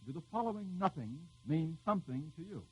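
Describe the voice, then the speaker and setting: A man hosting a live radio quiz show, teasing the panel with quick jokes as he reads out the questions. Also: on the high side, animated, highs cut off, a little hiss or hum.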